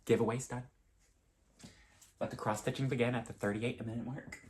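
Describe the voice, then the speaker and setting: A man's voice: medium pitch, flat delivery, normal speed, slight background noise. A young man in his twenties chatting casually with viewers in a home craft vlog, rambling and openly emotional. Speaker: cross-stitch vlogger. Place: home, indoors.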